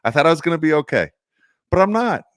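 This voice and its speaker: A man rants about his team on a football podcast, exasperated and animated. His pitch leaps and dives as he vents. The sound is dry and close, with no room around it. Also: fast talker, no room sound. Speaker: podcast co-host. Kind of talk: casual sports chat.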